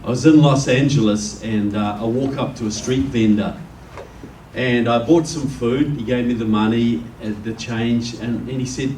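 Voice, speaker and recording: A man's voice: medium pitch, steady tone, normal speed, a little mellow. Male guest speaker with a New Zealand accent, folksy storytelling delivery, recorded from a distance in a roomy hall with faint noise. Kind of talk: public speech to a live audience. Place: meeting room with an audience.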